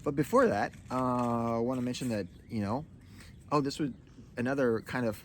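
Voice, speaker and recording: A man co-hosting a relaxed couples' chat at home, rambling and hesitant, with plenty of fillers. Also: medium pitch, moderate pace, a little hiss or hum. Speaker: co-host of a couples' video. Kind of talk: casual chat.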